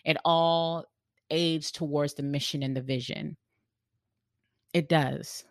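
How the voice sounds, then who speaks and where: An earnest podcast host talks through ideas on leadership in a reflective monologue, often circling back and restarting phrases. The voice carries a gravelly, fry-tinged edge. The sound is close and dry, with no room around it. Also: medium pitch, fairly even intonation, slow, dry recording.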